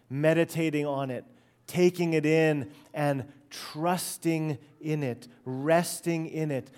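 An earnest middle-aged male pastor delivers a slow, deliberate sermon in a slightly higher-than-usual voice. He leans hard into emphatic points, then lets many phrases sink quiet and low at their ends. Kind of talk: expository sermon.

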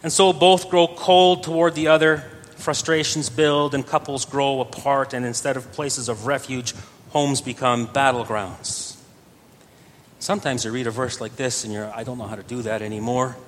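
A man preaching a sermon earnestly, his voice swelling louder on key phrases. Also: fairly even intonation, a little slow. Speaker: pastor. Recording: reverberant church hall with faint rumble.

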